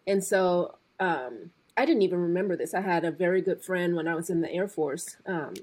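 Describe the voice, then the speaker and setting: A woman in her forties co-hosting a podcast and chatting casually. She speaks slowly and deliberately, choosing each word with care. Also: on the low side, darkish tone, breathy edge. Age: 40s. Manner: slow, deliberate speech. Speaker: podcast co-host. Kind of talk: casual conversation.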